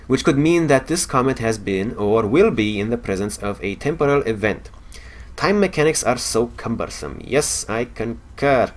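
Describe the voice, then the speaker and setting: A man with a Romanian accent reading the log of a curious male science officer in a space game, measured with small stumbles. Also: medium pitch, lively intonation, lightly acted.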